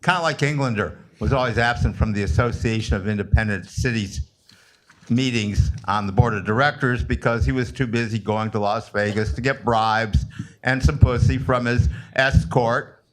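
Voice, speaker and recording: A man's voice: mid-range voice, moderate pace. A man giving a crude, mocking, sarcastic public comment at a city council meeting.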